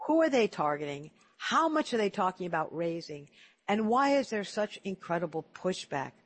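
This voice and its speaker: A man's voice: sits high, sing-song, moderate pace. A man hosting an interview, chatty and telling stories, often repeating words as he starts a sentence. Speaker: interview host. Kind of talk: casual storytelling interview.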